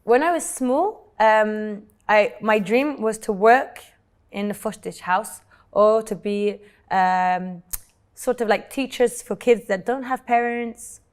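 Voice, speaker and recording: A woman's voice: medium pitch, clean tone. Earnest woman. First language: French. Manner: earnest, halting, repeats words when moved. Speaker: interview guest. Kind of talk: emotional personal storytelling. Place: Dubai.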